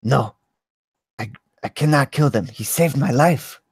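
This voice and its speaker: A blunt, wary outlaw, played by a man in his own voice. He speaks slowly, with a gravelly edge. The sound is dry and close. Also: mid-range voice, no echo, voice pushed up.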